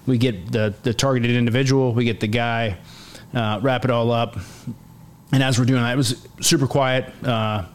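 A man's voice: medium pitch, normal speed. A man in his forties, an army sergeant major, telling a war story in a casual interview, acting out quotes with many fillers. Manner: animated, acts out quotes, many fillers and restarts. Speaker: army command sergeant major, podcast guest.

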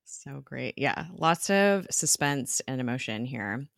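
A woman's voice: rumbling low, lively intonation, slow pace, creaky, fairly bright tone, no echo, clean studio sound. A woman co-hosting a podcast, casually recapping a TV episode, chatty with lots of fillers and laughs. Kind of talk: casual chat.

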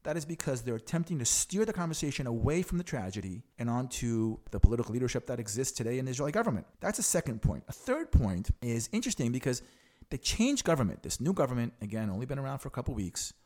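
A man's voice: mid-range voice, sing-song, quick pace, warm tone. A man giving opinionated political commentary, explaining things frankly to the audience with a sarcastic edge.

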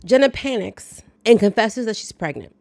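A woman's voice: mid-range voice, lively intonation, normal speed, creaky, a little mellow, no echo. A woman podcast host giving a chatty, wry, dryly joking casual recap of a movie. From lives in the American South.

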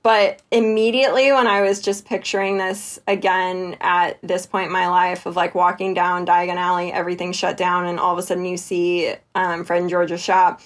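A woman's voice: on the low side, level tone, normal speed, few pauses. Enthusiastic woman podcast guest. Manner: reflective and enthusiastic, acts out her own reactions. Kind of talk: casual book discussion chat.

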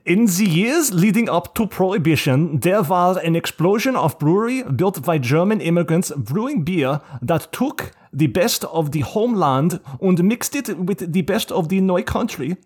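A man putting on a shrill mock-accented label reader. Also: expressive, unhurried, few pauses, darkish tone, husky, exaggerated voice. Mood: hammy. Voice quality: high, exaggerated put-on accent.

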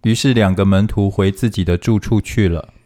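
Man, formal scripture reading, steady phrasing, lowish voice. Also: fairly quick. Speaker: scripture reader.

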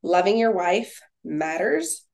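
Low gravelly-voiced woman co-hosting a podcast. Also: sing-song, slow. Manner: reads scripture verses then chats warmly with fillers. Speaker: podcast co-host. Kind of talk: casual faith-based chat.

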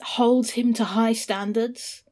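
A woman co-hosting a casual book podcast. She talks in an enthusiastic, expressive way. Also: a little high, slow pace.

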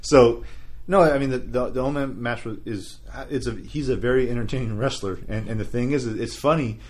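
This male wrestling-podcast host has a mid-range, somewhat dark voice and a brisk delivery. His casual chat wanders, full of fillers and false starts.

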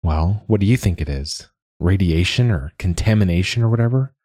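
A man's voice: deep voice, lively intonation, brisk, dark tone. A man reading as an uneasy young boy. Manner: tense and uneasy. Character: nervous, riled-up young boy. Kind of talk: audiobook character reading.

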